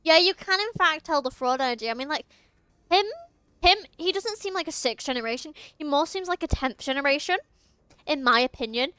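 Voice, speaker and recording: A woman's voice: high-pitched, expressive, fairly quick, pushed and bright, no room sound. Young woman streaming a game, chatty and giggly, keeps tripping over words, dry close mic. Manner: giggly, chatty, often talks to chat, trips over words. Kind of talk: casual live-stream game commentary.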